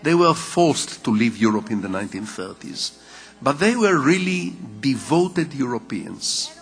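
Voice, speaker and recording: An older Israeli man with a Hebrew mother tongue, giving a public lecture in measured storytelling with rhetorical repetition. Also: medium pitch, big pitch swings, big-room sound, faint music behind. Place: large lecture hall.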